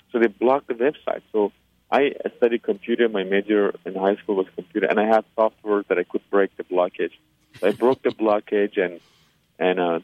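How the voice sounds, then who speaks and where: An earnest man tells his personal faith story as an interview guest, often pausing and searching for words. His voice sits fairly low. The sound comes through a tinny, dry phone line. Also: dry recording. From Iran. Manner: earnest, with frequent hesitations and fillers.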